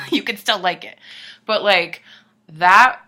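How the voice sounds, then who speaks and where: A young woman chatting to camera in a gushing, excitable way, swearing, dropping into whispers and bursting into squeals. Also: mid-range voice, slow pace. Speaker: vlogger. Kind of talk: casual chat to camera.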